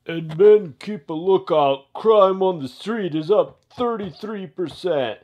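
A man's voice: sits high, takes it slowly, a little mellow. A man voicing a stern male police chief in a toy play video, barking orders. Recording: dull lo-fi sound.

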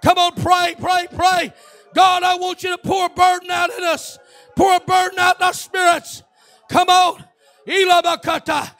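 Shouting preacher, high and gravelly. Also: male voice, completely flat delivery, normal speed, faint music behind. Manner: fervent, shouting, exhorting the congregation to pray. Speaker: pastor. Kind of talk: Pentecostal sermon, shouted prayer.

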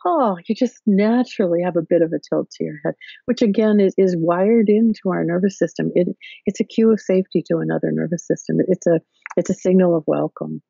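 A woman explains ideas to a podcast host, her voice gravelly and husky with a mellow, dark tone. She builds each point step by step, with plenty of fillers and restarts. The call audio is dull and lo-fi, and very dry. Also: fairly low pitch, steady tone, a little fast, no echo. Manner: thoughtful, explains in careful steps with many fillers. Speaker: podcast guest, therapist. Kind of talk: explanatory interview talk. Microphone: video call.

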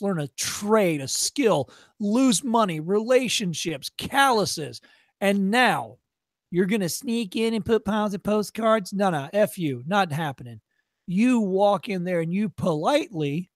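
Male workshop presenter, high voice, dry sound; blunt, profane, tough-love delivery. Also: dry recording. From Chicago area. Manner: acts out shopkeepers in quick voices. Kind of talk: workshop lecture.

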